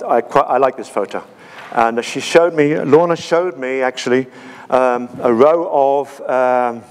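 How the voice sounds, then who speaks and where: A man's voice: medium pitch, slight background noise. A man giving a conference talk with slides, hesitant, with many ums and restarts. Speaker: conference speaker. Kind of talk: lecture with slides. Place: conference hall. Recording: long reverb of a conference hall.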